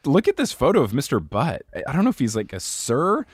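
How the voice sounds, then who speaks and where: A man's voice: mid-range voice, huge pitch swings, a little fast, slightly rough, no echo, studio quality. A man hosting a casual podcast, explaining things at length with frequent laughs. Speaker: podcast host.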